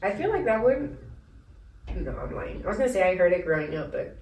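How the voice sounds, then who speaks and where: A young woman co-hosting a casual podcast chat, animated and quick to laugh, swearing freely. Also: on the low side, gravelly, recorded from a distance. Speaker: podcast co-host. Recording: roomy sound from off-mic, faint hiss.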